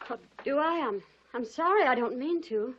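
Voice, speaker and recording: An actress playing a gentle, composed middle-aged mother, speaking softly and measuredly in 1940s studio film acting. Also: sits high, expressive, normal speed. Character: gentle, composed mother of two grown daughters. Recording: dull 1940s film soundtrack with faint hiss.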